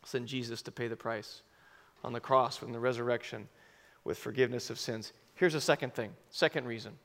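A man preaching a sermon to a congregation, telling a personal story with lively acted-out quotes and sudden shouts. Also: mid-range voice, brisk. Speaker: pastor. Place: church service before a congregation.

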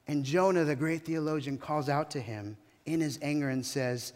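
A male pastor giving a sermon, animated, rising and falling in volume and calling on the congregation to respond. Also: a little high, moderate pace, hardly any pauses, in a large hall.

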